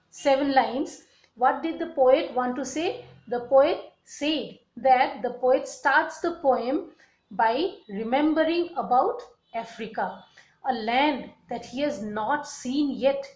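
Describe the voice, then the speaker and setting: Woman teacher going over a poem, high voice, lots of uh and okay, echoey room. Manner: halting, many fillers and restarts, checks in with "okay" and "right". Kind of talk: explaining a poem to a class.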